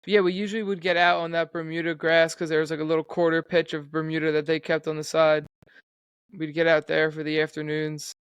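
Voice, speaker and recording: A man's voice: on the high side, little pitch movement, a little fast, a bit bright, smooth, no echo. A young man co-hosting a podcast, chatting casually in a laid-back, profane way. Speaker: podcast co-host. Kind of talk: casual chat.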